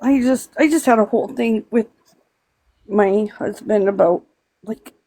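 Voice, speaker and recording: A middle-aged woman from Pennsylvania, a live stream host, talking in a rambling, halting way and close to tears. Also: mid-range voice, mellow. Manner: rambling, halting, tearful, many restarts. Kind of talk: emotional casual chat.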